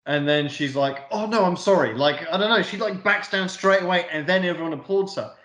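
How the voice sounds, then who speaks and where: A man co-hosting a podcast chats casually about films, rambling, swearing a lot and leaning on plenty of fillers. His voice is high, fairly quick, pushed and bright. He's recorded in an echoey room.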